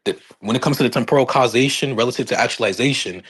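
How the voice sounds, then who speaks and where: A man debating over a phone mic, combative and insulting while insisting he is calm. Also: mid-range voice, quick pace, husky. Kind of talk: heated online debate.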